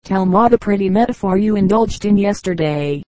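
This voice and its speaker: A woman's voice: medium pitch, normal speed, mellow, no room sound, close to an everyday voice. Coy young wife with a lisp, as a woman reads her.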